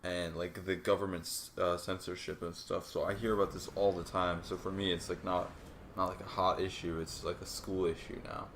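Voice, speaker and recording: A man's voice: deep voice, little pitch movement, normal speed, fairly bright tone, slight background noise. A young man co-hosting a casual podcast chat, laid-back, saying "like" a lot, with dry sarcastic jokes. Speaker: student and podcast co-host.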